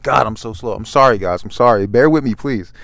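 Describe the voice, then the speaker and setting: A man in a soft-spoken ASMR comic review, reading haltingly, stumbling over words and apologizing. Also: mid-range voice, gravelly, no room sound. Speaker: ASMR manga reader.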